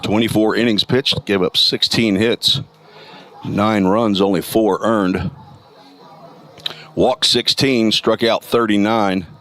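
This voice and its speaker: A man with a gravelly morning voice calling college baseball play-by-play, reading stats in a steady, detailed way. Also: on the low side, takes it slowly. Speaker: play-by-play announcer. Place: outdoor college ballpark.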